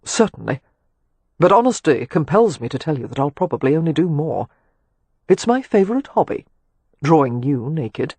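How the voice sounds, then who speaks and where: Husky teasing gentleman, read by a man. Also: sing-song, moderate pace, dry recording, heavily acted. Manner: wry, teasing, low and intimate. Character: teasing, ardent gentleman, wry and seductive. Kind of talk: audiobook dialogue.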